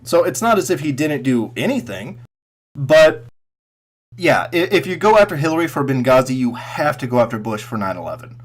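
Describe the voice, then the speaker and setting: A man's voice: medium pitch, big pitch swings, normal speed. Man ranting sarcastically, profane and mocking. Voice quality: sarcastic, mocking, swings loud and soft. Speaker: political commentary vlogger. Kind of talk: angry profane rant.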